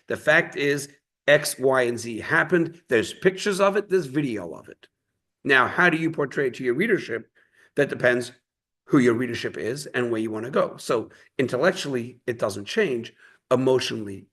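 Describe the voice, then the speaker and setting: Man, mid-pitch, casual Torah teacher, talks things through with stories and asides. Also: gravelly, a bit bright. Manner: conversational, storytelling with quoted voices. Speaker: rabbi teaching a Torah class. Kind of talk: informal Torah class with stories.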